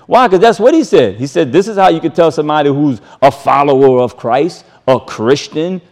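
A man preaching from scripture, his voice sitting a little high and swinging widely in pitch as he drives each point home. He talks casually and emphatically, repeating key phrases and breaking into chuckles between lines. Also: lively intonation, moderate pace, darkish tone. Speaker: Bible teacher. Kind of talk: scripture reading with sermon commentary.

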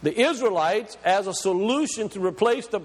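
A man's voice: sits high, lively intonation, moderate pace. A male preacher delivering an emphatic teaching sermon, asking questions and explaining scripture word by word. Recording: long hall reverb.

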